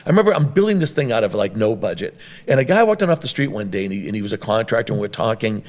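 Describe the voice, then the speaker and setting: Fast-talking man telling rambling stories. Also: fairly low pitch. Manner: rambling, animated storyteller with many restarts. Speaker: restaurant owner and guest. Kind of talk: conversational podcast storytelling.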